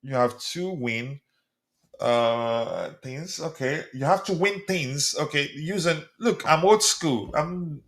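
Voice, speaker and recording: A man's voice: a little high, sharp tone. A man from South Africa hosting a live football debate stream, chatty, reading viewer comments aloud and answering them; his first language is not English. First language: a South African language other than English. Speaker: livestream host.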